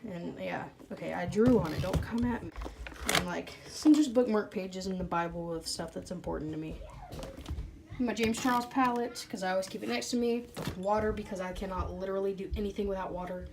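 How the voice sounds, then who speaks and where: A woman's voice: medium pitch, brisk, gravelly, background noise. Bubbly late-teen girl, sassy casual vlog chat, congested and breathing hard, a mid-range voice. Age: late teens. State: stuffy nose, breathing hard. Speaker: beauty vlogger. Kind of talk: casual room tour chat. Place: her bedroom.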